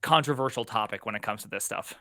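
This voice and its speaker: A man co-hosts a casual tech podcast, excitable and jumping between half-finished thoughts. His voice is bright and forward, and the sound is dry and close with no room around it. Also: fairly low pitch, no echo. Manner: excitable, talks in quick restarts. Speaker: podcast co-host.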